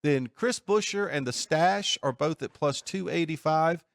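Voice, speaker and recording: A man hosting a sports betting talk show from a studio, talking in a steady, methodical way. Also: fairly high pitch, unhurried, gravelly, dry recording. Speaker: host.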